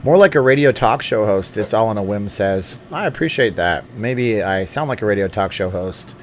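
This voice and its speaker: With lively intonation and a lowish voice, a middle-aged host chats at normal speed as he reads viewer comments on a casual late-night stream from home. He jokes and muses aloud, full of fillers and tangents. A faint hiss or hum sits underneath.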